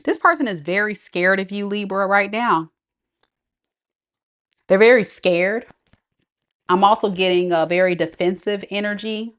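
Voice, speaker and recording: A woman hosting a live tarot reading, talking straight to her viewers in a loose, slangy way. She laughs easily and keeps the tone chatty and familiar, in a voice of ordinary pitch for a woman. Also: a little slow, long pauses, a bit bright. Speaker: tarot reader.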